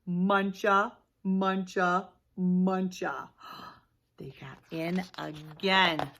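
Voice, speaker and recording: A woman teacher reading a picture book aloud to young children, with lively gasps and questions. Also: lowish voice, very slow, a little hiss or hum. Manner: animated storytelling, gasps and asks questions. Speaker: preschool teacher.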